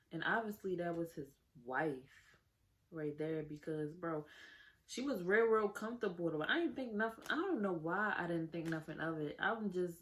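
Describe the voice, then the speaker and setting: A young woman, chatting casually to camera as she tells a personal story and keeps calling her viewers "y'all". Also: low voice. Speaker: storytime vlogger.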